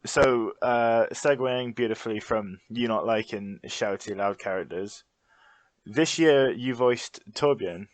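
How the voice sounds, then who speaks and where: A man interviewing a guest, asking friendly and slightly halting questions and laughing along. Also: mid-range voice, no room sound.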